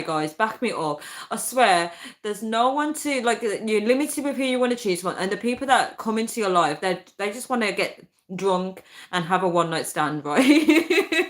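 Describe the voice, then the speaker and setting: A young woman chatting casually to viewers, ranting in an animated way and laughing often. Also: mid-range voice. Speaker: vlogger.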